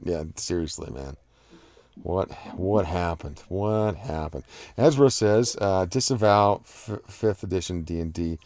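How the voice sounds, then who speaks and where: A low-voiced man with a measured pace and darkish tone reads his live chat aloud, chatting about the comments in a casual, rambling way full of fillers and restarts. The studio-quality recording has no room sound.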